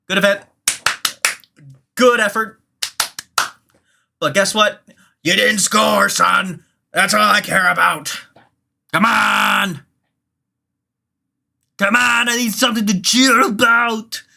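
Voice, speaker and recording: A bright, sharp-edged voice calling a hockey video game play by play, swinging between quick announcer patter and cursing outbursts at bad passes. Loose, excitable and unfiltered, as if streaming a match alone. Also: mid-range voice, vocal fry. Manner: excitable, profane, yells at the game. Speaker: gamer commenting own match.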